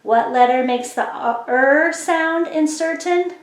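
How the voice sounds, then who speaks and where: Woman, phonics teacher, slow careful delivery, encouraging, echoey room. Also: high voice. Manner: slow, clear, encouraging classroom explanation. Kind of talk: phonics lesson for children.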